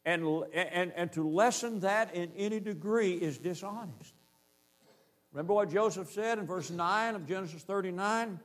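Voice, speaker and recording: A man preaching a sermon, emphatic, slowing down to stress key phrases and repeating his points in lists. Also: high voice, a bit bright.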